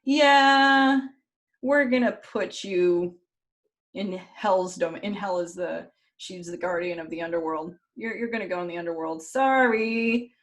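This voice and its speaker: A woman voicing a scheming male chief god who talks in a smooth, coaxing way. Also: on the low side, normal speed, natural voice. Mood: falsely innocent.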